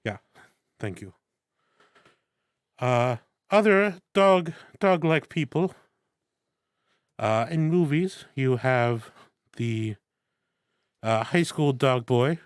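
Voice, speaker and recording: A man's voice: medium pitch, expressive, drawn-out words, pauses often, smooth, no room sound, clean studio sound. A man co-hosting a podcast in casual banter, rambling and playful, often tripping over his words. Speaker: podcast co-host.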